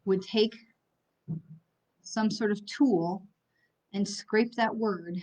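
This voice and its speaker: Her voice is medium-pitched, a little mellow and very slow as this middle-aged psychic medium speaks to livestream viewers. She's angry and blunt, swearing and saying sorry for it; the stream audio sounds slightly dull and lo-fi.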